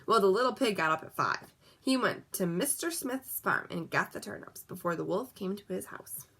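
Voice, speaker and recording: A woman reading a picture book aloud in a lively, expressive way, dropping softly on the asides. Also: mid-range voice, normal speed, husky. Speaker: storyteller. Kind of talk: storybook read-aloud.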